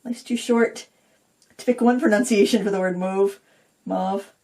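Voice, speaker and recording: A woman's voice: medium pitch, fairly even intonation, normal speed, darkish tone. A middle-aged woman hosting a painting tutorial, rambling in a self-deprecating way as she talks to viewers while she works. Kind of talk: casual chatty painting tutorial.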